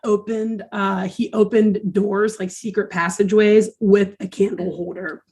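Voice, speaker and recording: A woman's voice: medium pitch, little pitch movement, moderate pace, a little mellow, husky. A woman co-hosting a podcast, recapping a cartoon episode in casual chat, swearing and laughing often.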